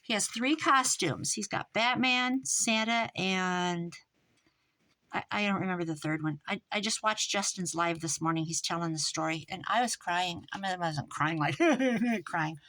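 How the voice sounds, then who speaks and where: A middle-aged American woman telling a long story in casual chat, rambling and animated, with restarts and quoted dialogue. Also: on the low side, normal speed, rough recording. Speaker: crafting vlogger.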